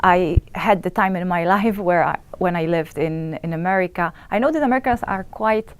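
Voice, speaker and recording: A woman's voice: on the low side, normal speed, clean tone, dry recording. Polish-accented woman host, short questions, close dry sound. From Poland. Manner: asks short prompting questions. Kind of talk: interview, language lesson.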